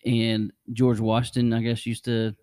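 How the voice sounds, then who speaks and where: A man's voice: medium pitch, monotone, a little slow, a little mellow, no room sound, clean studio sound. A man hosting a podcast, rambling casually through travel stories and chuckling often. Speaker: podcast host. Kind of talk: casual chat.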